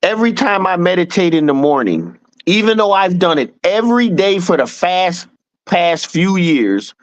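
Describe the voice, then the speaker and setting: A man's voice: high-pitched, sing-song, moderate pace, no echo, lo-fi sound. A man in casual spiritual chat, talking through his meditation in chanted, repeated affirmations.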